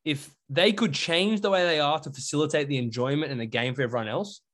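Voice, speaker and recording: A man's voice: on the high side, quick pace, a bit bright. A young Australian man co-hosting a podcast in casual chat, rambling with lots of fillers. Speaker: podcast co-host.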